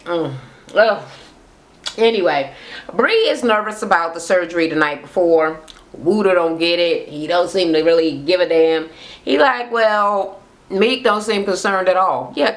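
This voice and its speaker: Profane, animated woman ranting a recap. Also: lowish voice, moderate pace. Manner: profane, animated, acts out quotes in voices. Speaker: reality TV recap host. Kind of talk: casual recap rant. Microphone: camera mic, talking to camera.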